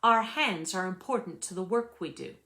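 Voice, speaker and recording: A woman voicing a sharp-tongued woman surgeon who talks in an exasperated, blunt way. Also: mid-range voice, lively intonation, moderate pace. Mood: annoyed.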